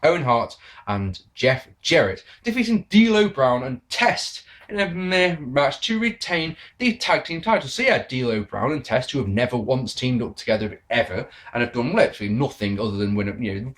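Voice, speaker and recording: Sarcastic man ranting, lively pitch. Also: moderate pace, few pauses. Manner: sarcastic, swearing, animated rants. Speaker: wrestling show reviewer. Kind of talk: sarcastic review commentary.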